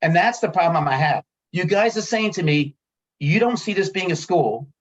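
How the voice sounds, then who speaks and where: A man's voice: high voice, animated, moderate pace. A man in a town meeting room, worked up and frustrated, circling back to the same points again and again. His voice comes through dull, lo-fi meeting audio. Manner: frustrated, heated, repeats himself. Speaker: resident speaking at a town committee meeting. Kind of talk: public comment at a meeting.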